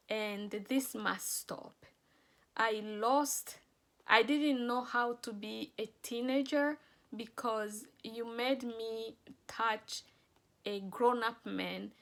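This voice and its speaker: A woman's voice: fairly high pitch, fairly even intonation, extremely slow, a bit bright. A woman author giving an earnest, emotional personal testimony and promoting her books.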